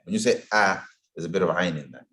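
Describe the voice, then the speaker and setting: A man teaching a casual Quran pronunciation class in a community centre, patiently drawing out sounds slowly to demonstrate them. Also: deep voice, a bit bright. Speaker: tajweed teacher. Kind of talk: informal Quran pronunciation lesson.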